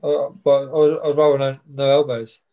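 A man's voice: medium pitch, level tone, normal speed, narrow, tinny audio. A young man, a boxer chatting casually in an interview and rambling with plenty of fillers and repeats. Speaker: boxer guest. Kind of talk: casual chat.

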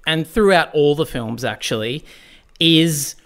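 A man's voice: fairly high pitch, measured pace, fairly bright tone. An Australian man from Newcastle co-hosting a podcast, explaining things in a wry, casual way with the odd swear. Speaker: podcast co-host. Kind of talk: casual film chat.

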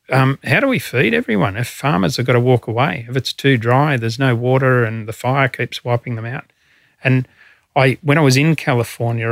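An Australian man in middle age answers interview questions in an earnest, feeling way, pausing on fillers as he thinks. His voice sits at an ordinary pitch and is recorded close and dry, with no room sound. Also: no room sound. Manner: earnest, emotional storytelling, frequent fillers. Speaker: former fire commissioner.

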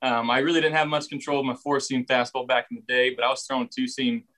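A young man speaks in an even, flat tone with little rise or fall. He answers reporters' questions casually and often restarts a phrase before finishing it. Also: mid-range voice, fast talker, low-quality recording. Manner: relaxed, repeats words while finding phrasing. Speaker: football quarterback at a press session. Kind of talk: casual press interview answers.

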